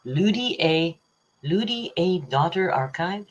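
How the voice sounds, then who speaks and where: Low husky woman chatting on a livestream. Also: expressive, takes it slowly, highs cut off. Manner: chatty, rambling, teasing, frequent laughs. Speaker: livestream host. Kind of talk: casual live chat reading super chats.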